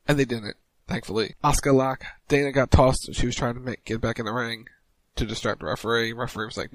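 A man co-hosting a casual podcast, recapping wrestling moves in quick play-by-play style. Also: steady tone, no echo, poor audio. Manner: rapid recap, mimics crowd chants in a higher voice.

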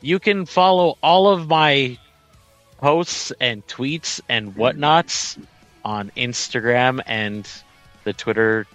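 A man's voice: medium pitch, slow, a bit bright, dry recording, soft background music. A man co-hosting a wrestling radio show, dryly plugging his social media in a rambling way. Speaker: co-host. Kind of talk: casual wrestling radio banter.

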